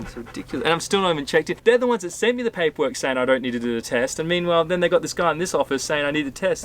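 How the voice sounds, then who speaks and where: A man's voice: fairly high pitch, animated, racing, few pauses, fairly bright tone. A young man, a boat captain hosting a sailing vlog, telling a long, exasperated story with lots of restarts. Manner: rambling, exasperated retelling with many restarts. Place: on a sailing yacht.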